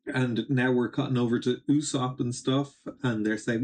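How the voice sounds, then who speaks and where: A man's voice: mid-range voice, fairly even intonation, moderate pace, darkish tone. Rambling young man recapping a comic. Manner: rambling, hesitant, with many ums and little laughs. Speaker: manga reaction streamer. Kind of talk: casual reading and recap of a comic.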